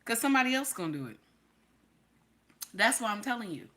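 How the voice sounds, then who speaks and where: Her voice is on the high side, very animated, brisk, and pushed and bright. Hosting a stream aimed at women, she reads names from her chat, speaks to viewers directly, and hands out blunt, preachy advice she repeats for emphasis.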